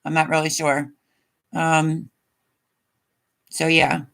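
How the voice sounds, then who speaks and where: A woman's voice: low voice, flat delivery, slow, creaky, a bit bright. A woman in her fifties hosting a casual live stream, chatting in a rambling way and reading viewer comments aloud.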